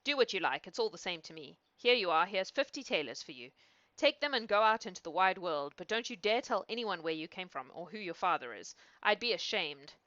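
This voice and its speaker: A woman voicing an exasperated father who scolds his son gruffly. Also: on the low side, animated, brisk, fairly bright tone, dry recording, muffled recording.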